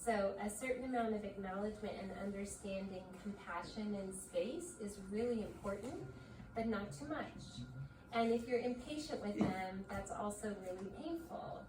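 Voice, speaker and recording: A woman leads a parent workshop, explaining in a gentle, thoughtful way. She sounds set back from the mic in an echoey room. A steady hiss of noise runs underneath. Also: medium pitch, moderate pace, distant mic. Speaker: workshop presenter.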